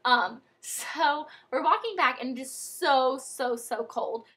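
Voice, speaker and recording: A young American woman chatting through a childhood story in a casual vlog, animated and full of fillers. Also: high-pitched, takes it slowly, breathy edge. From United States. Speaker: vlogger.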